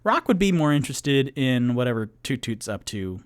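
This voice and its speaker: A man narrating as the game master of a tabletop game, describing scenes in a relaxed, casual way. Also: medium pitch, moderate pace, clear, resonant tone. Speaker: game master and solo player.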